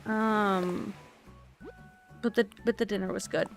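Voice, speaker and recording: A tired woman streams in a relaxed, soft-spoken way, rambling and thinking aloud as she plays. Her voice sits in a middle pitch, and faint music plays quietly underneath her talk. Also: slow. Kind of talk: relaxed casual chat while playing a game.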